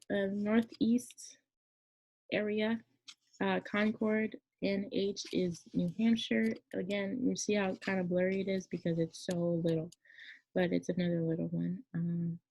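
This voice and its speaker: A woman's voice: mid-range voice, a little mellow, slight background noise. A woman teaching a casual classroom lesson, talking in a chatty, rambling way with many fillers and self-corrections. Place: near Memphis, Tennessee. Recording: dull lo-fi sound.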